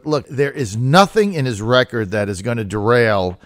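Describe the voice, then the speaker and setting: A male talk radio host speaks quickly and with conviction. His voice is recorded close and dry, with no room sound around it. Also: mid-range voice, lively intonation, dry recording.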